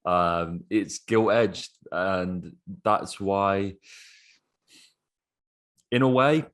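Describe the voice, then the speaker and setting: A man with a very deep voice co-hosts a casual football podcast. He talks in an excitable rush and swears freely. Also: drawn-out words. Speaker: podcast co-host.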